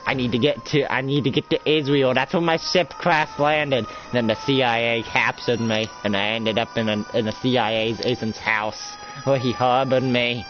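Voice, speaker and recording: A man's voice: mid-range voice, steady tone, normal speed, hardly any pauses, lo-fi sound, over music, close to an everyday voice. A man voicing a panicky male alien stowaway who begs and pleads frantically. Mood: irritable. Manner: begging, frantic.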